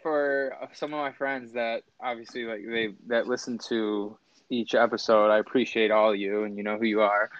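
A man's voice: lowish voice, level tone, normal speed. A young man co-hosting a casual podcast, telling stories and laughing between phrases. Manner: storytelling, laughs mid-sentence. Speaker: podcast co-host. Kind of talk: casual chat. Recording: dry, muffled lo-fi audio.

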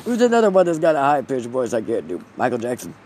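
A woman with a deep, dark voice, hoarse after singing, laughing and joking as she co-hosts a casual karaoke podcast. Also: huge pitch swings, a little hiss or hum. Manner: laughs a lot, slow and playful. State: voice worn out from singing.

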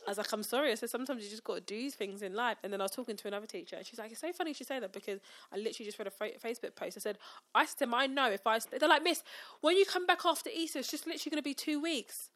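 A young woman chats quickly and casually, her voice sitting a little high. She tells stories animatedly, slipping in and out of her students' voices. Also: fairly bright tone. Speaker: teacher and podcast co-host. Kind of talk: casual chat.

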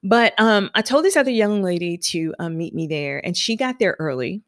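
A woman telling a personal story in a lively, conversational way, then leading into spoken affirmations as a motivational speaker. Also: on the low side, normal speed, no room sound, clean studio sound. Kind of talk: personal anecdote and motivational talk.

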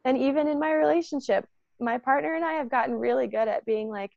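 Here the woman's voice sits high and sounds creaky as she talks fast about energy and consent in an informal spiritual chat. Lively and prone to "like" and "um," she acts out quoted voices. The lo-fi recording has no room sound.

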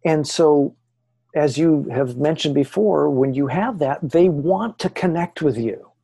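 Male interview guest who tells stories with animation; mellow tone with some breathiness. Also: a little high, a little slow, gravelly, breathy edge. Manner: excited, lively retelling. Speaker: podcast guest. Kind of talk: animated storytelling.

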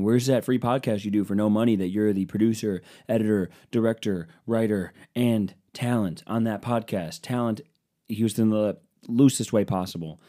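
With a lowish, darkish voice, a twenty-something podcast host rambles through a sarcastic comedic monologue. He's speaking into a desk microphone at home on his own show.

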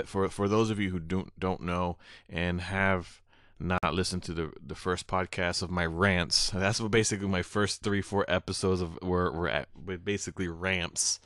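A man's voice: low voice, fairly bright tone, smooth, dry recording, clean studio sound. A young man hosting an unedited solo podcast, talking loosely into his own microphone with many fillers, restarts and apologies. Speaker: podcast host. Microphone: own microphone into recording software.

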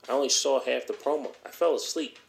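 A man's voice: medium pitch, steady tone, quick pace, creaky, slight background noise. A man hosting a solo podcast, ranting bluntly and heatedly, swearing often. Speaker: podcast host.

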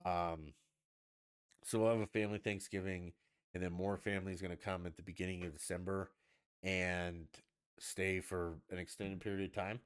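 A man's voice: sits low, little pitch movement, moderate pace, clean tone. A man hosting a casual solo podcast from the United States, ranting bluntly and swearing freely. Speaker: podcast host.

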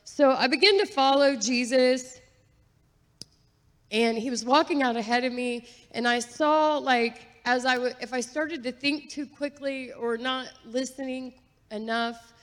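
A woman sharing a personal testimony in a church, talking earnestly and chattily with fillers and soft laughs. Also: high-pitched, unhurried. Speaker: guest giving testimony. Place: church sanctuary. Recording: long reverb of a large hall.

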